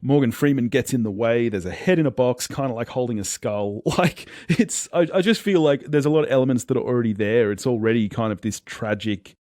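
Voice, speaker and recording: A man's voice: mid-range voice, a little fast, hardly any pauses, a little mellow, dry recording, clean studio sound. A man, a guest on a movie podcast, chatting casually and lightly self-deprecating.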